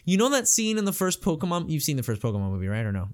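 A man's voice: on the high side, big pitch swings, racing, a little mellow. A man hosting a podcast, rambling casually and swearing loosely as he chats. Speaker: podcast host. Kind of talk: casual chat.

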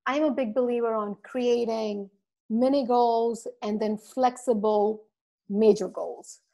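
A woman podcast guest telling an animated story, acting out quotes and laughing often. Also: fairly high pitch, takes it slowly, vocal fry. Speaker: podcast guest, marketing speaker.

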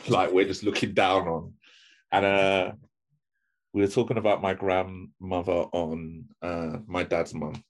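A man with a fairly low voice tells a story at an easy, unhurried pace. His casual chat is loose and conversational, padded with fillers as he goes. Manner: relaxed storyteller, many fillers.

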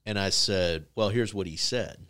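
Low-voiced man hosting a chat. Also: unhurried, clean tone. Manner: lively storyteller who acts out the people he quotes. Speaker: podcast co-host. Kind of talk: casual interview and anecdote.

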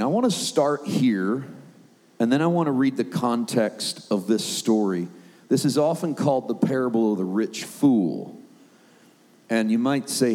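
A man's voice: on the low side, dark tone, big-room sound. A middle-aged man preaching a sermon in a conversational way, sometimes acting out the voices he quotes.

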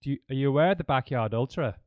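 A man hosting a running podcast, telling stories in a lively, laughing way. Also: mid-range voice, rapid-fire, dry recording, highs cut off. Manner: animated storyteller, laughs often. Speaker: podcast host. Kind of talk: conversational interview.

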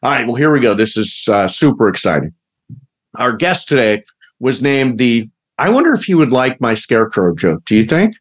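A man's voice: medium pitch, very animated, moderate pace. A man hosting a podcast, playful and joking in a casual, rambling chat. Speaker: podcast host.

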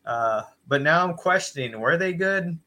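A man's voice: a little high, lively intonation, moderate pace, bright, forceful tone. A man co-hosting a podcast, ranting bluntly and profanely in casual chat. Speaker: podcast co-host.

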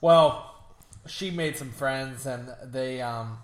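A man's voice: mid-range voice, slow pace, echoey room. A man in casual chat, laughing often and telling a rambling story while watching a film. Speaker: co-host.

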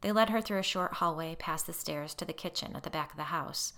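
Bright-voiced woman narrating a story. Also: fairly quick. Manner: voices characters with raised pitch and lowered narration tags. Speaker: audiobook narrator.

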